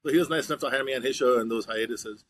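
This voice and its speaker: A man's voice: mid-range voice, rapid-fire, slight background noise. A man, a TV comedy writer, chatting casually as a guest in a dry, understated way. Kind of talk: casual chat.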